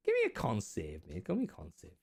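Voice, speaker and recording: A man's voice: fairly low pitch, quick pace, gravelly, a crowd in the background. A man with an Australian accent running a tabletop game as dungeon master, narrating and laughing often. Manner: laughs often, lively storytelling.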